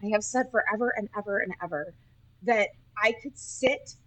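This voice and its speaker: A woman from Utah, a nurse, telling animated stories as a podcast guest, often laughing and acting out what people said. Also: medium pitch, moderate pace, rough recording. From Utah, USA. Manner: animated, laughing, acts out quoted speech. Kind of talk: casual interview storytelling.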